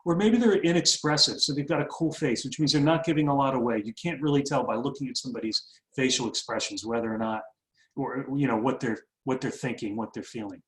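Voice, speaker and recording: A man's voice: mid-range voice, fast talker, echoey room, rough recording. A man presenting a recorded webinar as a business coach, explaining ideas in a conversational way with frequent fillers and self-corrections.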